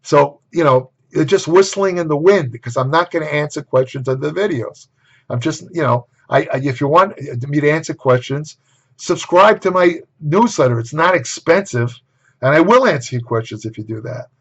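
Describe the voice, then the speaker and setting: A man's voice: on the high side, animated, normal speed. An older man giving a casual lecture to camera on nutrition, blunt and opinionated, with exasperated asides. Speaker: nutrition writer and host. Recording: dull lo-fi recording.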